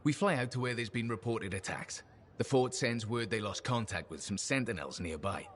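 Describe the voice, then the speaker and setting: An actor playing a friendly, chatty colleague who tells a proud story in video game dialogue. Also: male voice, fairly low pitch, expressive, normal speed, a bit bright, a little hiss or hum.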